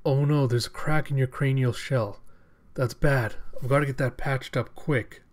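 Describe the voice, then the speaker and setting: A man's voice: medium pitch, fairly even intonation, normal speed, natural voice. A man voicing a caring male cyborg doctor who speaks in an earnest, concerned way.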